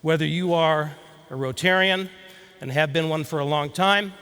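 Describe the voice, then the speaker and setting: High-voiced man telling a story on stage. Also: normal speed, clear, resonant tone. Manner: storytelling, animated, addresses audience directly. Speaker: keynote speaker. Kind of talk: motivational speech. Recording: long hall reverb.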